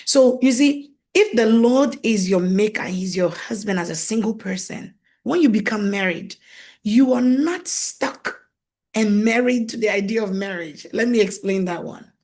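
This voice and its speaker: Animated woman coaching with faith talk. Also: mid-range voice, unhurried. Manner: animated, laughs often, acts out quoted voices; repeats phrases for emphasis. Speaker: marriage coach. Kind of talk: faith-based teaching monologue.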